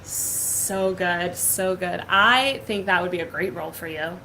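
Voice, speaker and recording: A woman's voice: lowish voice, unhurried, sharp tone, a little hiss or hum, poor audio. A young woman hosting a casual online show, gushing and upbeat, with lots of filler words. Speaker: host. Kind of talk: casual chat.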